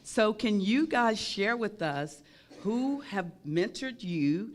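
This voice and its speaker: Woman moderating a panel, measured. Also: medium pitch, expressive.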